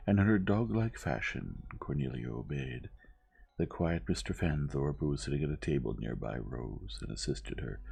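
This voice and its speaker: A man narrates a story slowly and gently. His voice sits extremely low and has a gravelly fry, yet his pitch still moves in a lively way. Soft music plays under him. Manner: slow, gentle. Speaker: audiobook reader.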